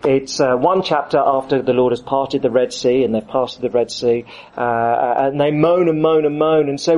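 A man's voice: mid-range voice, lively intonation, normal speed, a little mellow, muffled recording. A man preaching a sermon, acting out the voices of the people he quotes.

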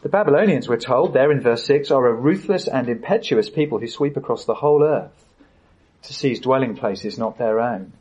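Husky man preaching a sermon. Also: medium pitch, darkish tone, lo-fi sound. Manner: earnest, halting with frequent fillers. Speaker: pastor.

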